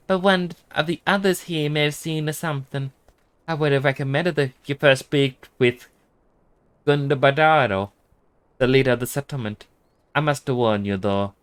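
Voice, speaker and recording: A man with an Australian accent reading game dialogue as a soft-spoken, apologetic young village woman. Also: on the high side, clear, resonant tone, pitched above the performer's own voice, close to an everyday voice.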